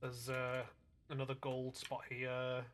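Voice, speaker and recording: This Northwest English man streams a game and talks slowly in a mid-range, fairly bright voice with a completely flat delivery, over a little hiss or hum. His casual gameplay chat wanders into filler-heavy, rambling explanations.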